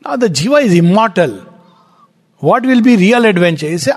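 A man with an Indian English accent giving a spiritual lecture, animated and explanatory, posing rhetorical questions. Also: high-pitched, moderate pace. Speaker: spiritual teacher. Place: lecture hall at a centre. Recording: long hall reverb.

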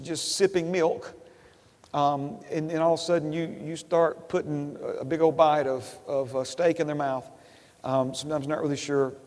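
A man's voice: fairly high pitch, darkish tone, big-room sound. A man preaching a sermon as pastor to his congregation, repeating phrases and asking them questions. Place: church sanctuary.

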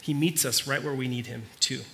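A man preaching, telling a story in a conversational way that turns quiet and earnest. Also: medium pitch, fairly even intonation, fairly quick, gravelly. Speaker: pastor. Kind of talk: sermon.

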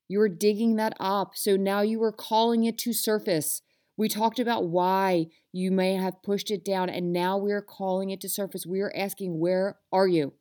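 Woman host, motivational talk, earnest and passionate, mid-pitched voice, addressing listeners directly. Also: steady tone, normal speed, mellow. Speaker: self-help podcast host.

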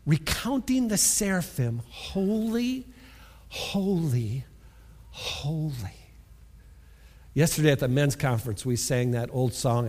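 A man preaching a sermon, reading scripture and explaining it, with bursts of shouted repeated words. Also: high voice, big-room sound. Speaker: pastor.

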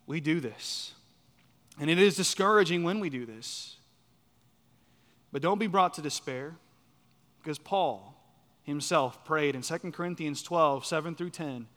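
Emphatic preacher man, bright ringing voice. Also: on the high side, measured pace, long pauses. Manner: emphatic, repeats key phrases, swings between loud and soft. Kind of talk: sermon. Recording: reverberant hall.

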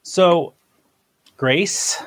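A man's voice: very slow, no room sound. A man co-hosting a podcast in casual chat, joking and teasing, laughing often. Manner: very lively, swooping pitch. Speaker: podcast co-host.

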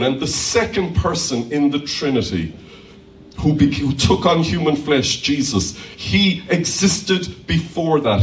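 Pastor preaching, voice sits kinda high and swings all over, echoey hall, mic a bit far off. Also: male voice, a little hiss or hum. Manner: lively preacher, rising to shouted hallelujahs. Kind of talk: sermon. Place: church hall.

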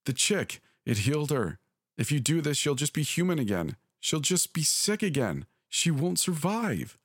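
A man's voice: fairly high pitch, sing-song, moderate pace, breathy edge, no echo, clean studio sound, pitched above the performer's own voice. Man playing a frantic, desperate mother. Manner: breathless, urgent shouting. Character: frantic middle-aged mother, desperate and pleading.

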